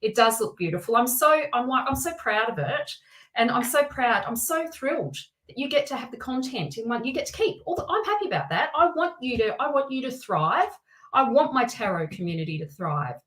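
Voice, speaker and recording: A woman hosting a live tarot stream, talking in a chatty, excitable way with many restarts and asides. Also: on the high side, a little fast, rough recording. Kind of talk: casual live-stream chat.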